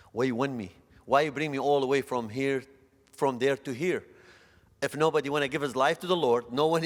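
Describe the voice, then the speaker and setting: Man preaching into a reverberant hall. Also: medium pitch. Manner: halting, repeats words, swings between loud and soft. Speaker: youth speaker. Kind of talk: testimony sermon. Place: church hall.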